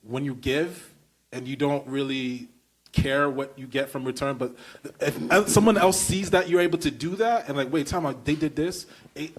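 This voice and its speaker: A man's voice: medium pitch, slight background noise. Emphatic Brooklyn man hosting a podcast. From Brooklyn, New York. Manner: enthusiastic, emphatic, loose slangy phrasing. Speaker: podcast host. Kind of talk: casual podcast conversation.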